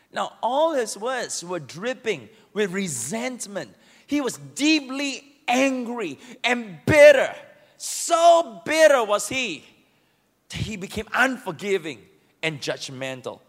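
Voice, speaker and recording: A man preaching a sermon, animated and calling on the congregation to answer back. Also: high-pitched, measured pace, big-room sound. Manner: animated, asks the congregation to respond.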